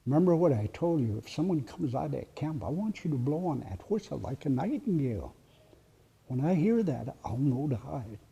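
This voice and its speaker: A man voicing a calm, watchful older horse raider who gives low, steady instructions to a boy. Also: normal speed, gravelly, slightly rough, muffled recording, exaggerated voice.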